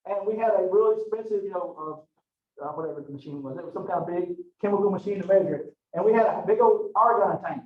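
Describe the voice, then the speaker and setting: A man's voice: sits high, fast talker. A man giving a college classroom lecture in a rambling, conversational way, drifting into stories. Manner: rambling, conversational, digressive storytelling. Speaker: college anatomy instructor. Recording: roomy, distant, dull lo-fi classroom recording.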